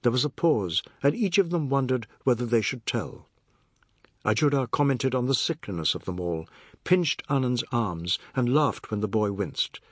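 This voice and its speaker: A man reading a novel aloud as an audiobook narrator, in a measured, expressive way. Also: mid-range voice, husky, dry recording, studio quality.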